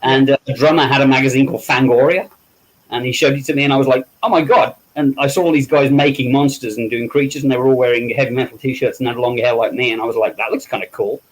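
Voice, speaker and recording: A middle-aged Englishman who works as a makeup effects artist is a guest in a casual interview. His mid-range voice moves quickly with fairly even intonation as he tells anecdotes, acts out quoted voices, and laughs at himself. The recording quality is low.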